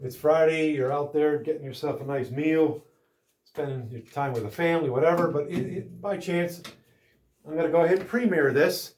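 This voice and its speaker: A man's voice: on the high side, normal speed, a little mellow, slight background noise. A man chatting casually to his viewers while working in his woodworking shop, rambling and wandering between topics. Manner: rambling and meandering. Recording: roomy shop echo.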